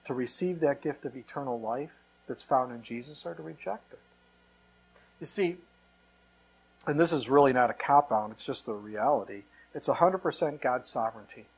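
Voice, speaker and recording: A man's voice: mid-range voice, breathy edge. A man preaching a sermon as a pastor, quoting scripture and arguing through rhetorical questions. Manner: quotes scripture often, argues with rhetorical questions. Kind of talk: sermon Bible teaching.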